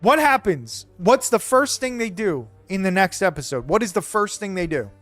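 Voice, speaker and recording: A man streaming live, talking in a rambling, excitable, profane rant to his chat. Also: high-pitched, normal speed, soft background music. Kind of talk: casual chat while live streaming a game.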